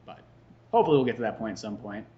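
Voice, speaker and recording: A young man hosts a podcast, talking very fast in a low-leaning, animated voice on a muffled recording. He rambles through casual chat, swears freely, and slips into mocking voices.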